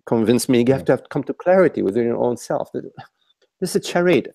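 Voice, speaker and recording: A man's voice: medium pitch, animated, brisk, gravelly, dark tone, dry recording. A man leading a contemplative dialogue over an online call, searching for words and often repeating and restarting his phrases. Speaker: spiritual teacher.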